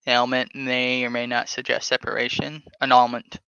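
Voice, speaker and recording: A man hosting a podcast, talking casually and haltingly while reading text aloud from his screen. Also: medium pitch, little pitch movement, creaky, pushed and bright, smooth. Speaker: podcast host. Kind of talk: casual screen-share talk. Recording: dull lo-fi sound.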